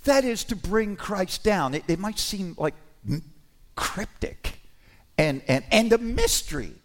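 A man preaching a sermon to his congregation, conversational and animated, with sudden emphatic rises. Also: sits high, measured pace.

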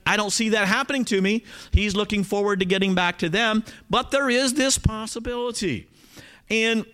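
A male pastor with a Southern accent preaching a sermon, talking straight to his congregation with frequent check-ins. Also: sits high. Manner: animated, talks straight to the congregation with frequent "okay?".

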